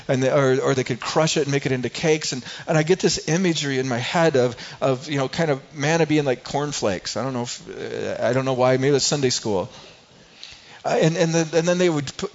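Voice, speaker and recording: A man's voice: a little high, muffled recording. A man preaching a sermon as pastor, talking in a conversational way with frequent restarts and acted-out quotes.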